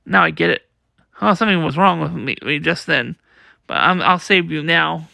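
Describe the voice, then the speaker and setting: A man reading out a carefree, rubbery young pirate captain in a high, gravelly voice. He sounds offhand and flat, and the recording is dry and close. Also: moderate pace, no echo, exaggerated voice. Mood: cheerful.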